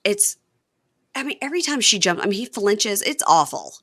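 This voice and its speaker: A woman's voice: medium pitch, moderate pace, no echo, studio quality. A woman hosting a podcast, recapping a show in casual chat and acting out the quotes. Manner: animated retelling, acts out the quotes. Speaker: podcast host.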